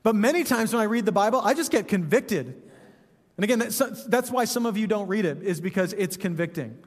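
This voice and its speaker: A man's voice: high-pitched, lively intonation, fairly quick, long reverb tail. A man, a pastor, preaching a sermon in a conversational, joking way, often asking "right?".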